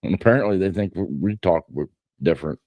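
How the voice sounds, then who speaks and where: A man's voice: low voice, expressive, fast, a little mellow, dry recording. A man from Ohio with an Ohio accent, hosting a podcast in casual, joking chat that rambles and stammers. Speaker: podcast host.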